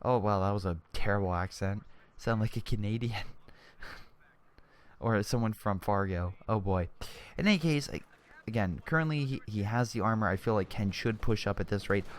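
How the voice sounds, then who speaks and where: A man's voice: on the low side, moderate pace. Chatty young male game commentator. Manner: chatty, exclamatory, often restarts mid-sentence. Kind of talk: casual strategy game commentary.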